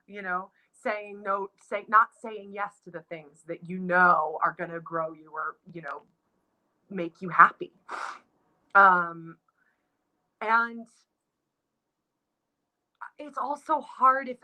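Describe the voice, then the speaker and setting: A woman in her thirties speaks in a bright, clear voice. She talks casually and reflectively about her dancing life, full of fillers and self-corrections. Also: mid-range voice, slow pace, long pauses, rough recording. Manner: reflective, gets emotional, many restarts and likes. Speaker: guest, Broadway dancer. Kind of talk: casual interview chat.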